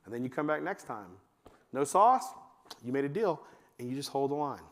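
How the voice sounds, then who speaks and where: A man giving a talk to fathers at church, telling family stories and acting out his kids in a high voice. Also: quick pace. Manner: animated storytelling, acts out his kids in a high voice. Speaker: men's ministry speaker. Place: church hall. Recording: long hall reverb.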